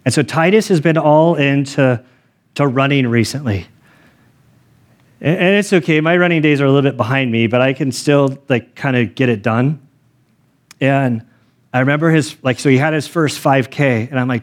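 A man's voice: medium pitch, moderate pace. Man preaching a casual sermon. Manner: conversational, animated storytelling with personal anecdotes. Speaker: pastor.

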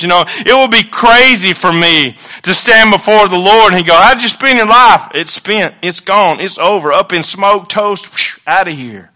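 Man, pastor, bright edge, loud then hushed, church sermon. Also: moderate pace. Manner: swings from loud exclamations to low, hushed asides.

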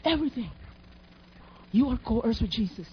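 A woman's voice: fairly high pitch, lively intonation, normal speed, slight background noise. A woman preaching a sermon in an emphatic, teacherly way, asking her listeners questions. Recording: dull lo-fi recording.

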